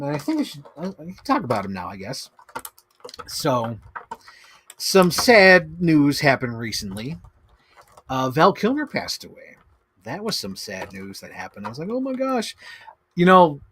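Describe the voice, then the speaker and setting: Excitable rambling man hosting a stream. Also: medium pitch, slight background noise. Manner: rambling and excitable, with bursts of laughter. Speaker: streamer host. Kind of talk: casual chat while unboxing collectibles.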